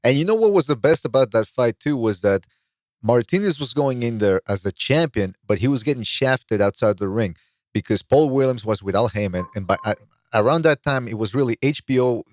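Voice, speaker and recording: A man's voice: medium pitch, expressive, a little fast, darkish tone, dry recording. A man hosting a casual podcast, telling stories and building up to the punchline. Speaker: podcast host.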